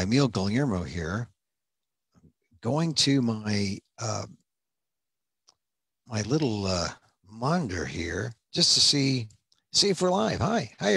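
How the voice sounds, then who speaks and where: Man, casual livestream host, rambling with fillers, mid-pitched, dry close sound. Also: gravelly, fairly bright tone, husky, no room sound. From United States. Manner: rambling, chatty, many fillers and restarts. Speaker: museum director hosting a livestream.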